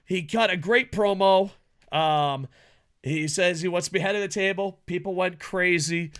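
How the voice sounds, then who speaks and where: A man co-hosting a podcast in casual chat, loud and laughing, swearing through fast banter. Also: fairly high pitch. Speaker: podcast co-host.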